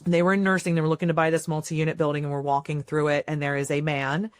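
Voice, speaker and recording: A woman hosting a podcast, chatting casually and telling animated stories in which she acts out what people said. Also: deep voice, quick pace. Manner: animated storytelling, acts out quotes. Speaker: podcast host. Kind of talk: casual chat.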